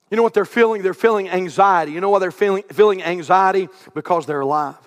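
A middle-aged pastor, preaching a sermon from the pulpit that swings from loud shouts to hushed, quiet asides. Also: male voice, sits high, fast talker, hardly any pauses, in a large hall. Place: church sanctuary.

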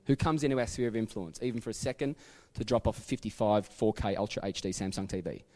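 An Australian-accented man preaches as a church pastor in a sanctuary, his fairly low, dark voice moving fast with a big-room sound. He tells stories chattily, full of asides and self-corrections.

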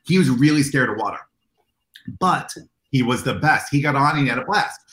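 A man's voice: mid-range voice, a little fast. An enthusiastic man spins convention stories for an interviewer, acting out the dialogue as he goes. His voice sits in the middle range for a man. It carries a noticeable room echo. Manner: animated, enthusiastic storyteller who acts out dialogue. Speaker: convention organizer, guest. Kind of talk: anecdotal interview storytelling.

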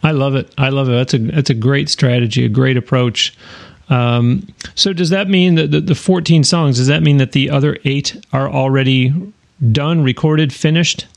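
A man hosting an interview podcast, chatty and quick to laugh. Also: medium pitch, vocal fry. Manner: chatty, laughs often, upbeat. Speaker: podcast host. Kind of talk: casual interview.

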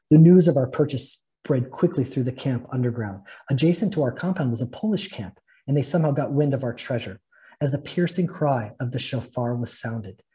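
Teaching a spiritual fellowship session, a man tells a story and reads it aloud with earnest feeling. His voice is mid-range with a dark tone.

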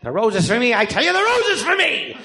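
A man's voice: extremely high pitch, sing-song, fast talker, pushed and bright, roomy sound, voice pushed up, heavily acted. Man putting on a whiny, frantic gangster son. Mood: exasperated. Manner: impatient, keeps trying to hang up. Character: frantic brain-addled gangster son phoning his mother. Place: live podcast theatre stage.

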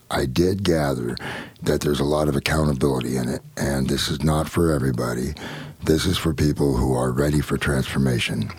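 A man hosting a podcast in casual chat, rambling and halting with many restarts. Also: a bass voice, breathy edge, no echo. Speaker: podcast host.

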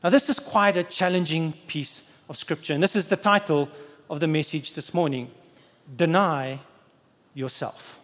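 A man's voice: a little high, normal speed, fairly bright tone, in a large hall. A man preaching a Sunday sermon in a conversational way, acting out the quoted lines as he speaks.

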